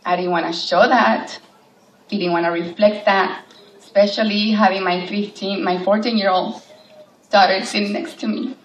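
A woman's voice: medium pitch, steady tone, normal speed. A woman shares her own story with an audience, speaking emotionally and slipping into the voices of the people she quotes. Her voice is heard from a distance in an echoey hall, with a faint hum of background noise. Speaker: cancer survivor speaking at a charity event. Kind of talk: personal story told to an audience.

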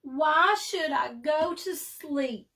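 A woman's voice: very slow, exaggerated voice. A woman doing a whiny little bird who won't sleep. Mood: whiny protest. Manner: high, loud and whiny, protesting. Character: restless little male bird, stubbornly not sleepy.

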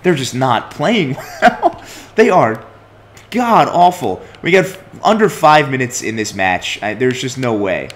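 A man's voice: mid-range voice, very animated, measured pace, slight background noise. A young man commenting on his own soccer video game play, complaining and swearing at his team. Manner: exasperated, complaining, swears often. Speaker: gaming commentator.

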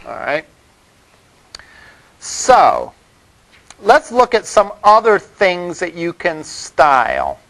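A man's voice: high-pitched, wildly swooping pitch, very slow, creaky, pauses often, fairly bright tone, rough recording. A man teaching a college web development class, talking loosely with lots of fillers and "all right?" check-ins to the room. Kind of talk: classroom lecture.

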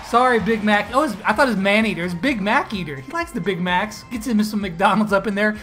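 A man talks over his own gameplay in a bright, forceful voice. He jumps between calm play-by-play and loud, laughing trash talk whenever he lands a hit. Faint game music plays underneath. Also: sits high, brisk. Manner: excited, laughing, trash-talking opponents. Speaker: gaming YouTuber. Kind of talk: gameplay commentary.

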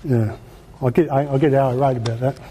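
A man's voice: medium pitch, fairly even intonation, a little fast, warm tone, husky. An Australian man giving an informal lecture in a colloquial, emphatic way, often asking rhetorical questions. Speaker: presenter.

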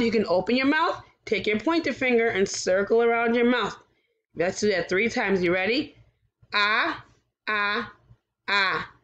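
A woman leads a recorded kindergarten phonics lesson at a very unhurried pace. She sounds out each vowel and letter plainly and keeps encouraging the children along. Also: mid-range voice, fairly bright tone, dull audio. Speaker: kindergarten teacher.

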